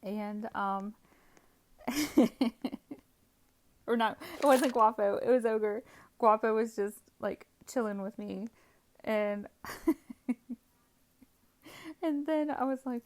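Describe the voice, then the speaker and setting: A woman's voice: fairly high pitch, slow pace, long pauses, darkish tone. A woman hosting a gaming channel, recapping her gameplay in a casual, rambling voice-over full of fillers and frequent giggles.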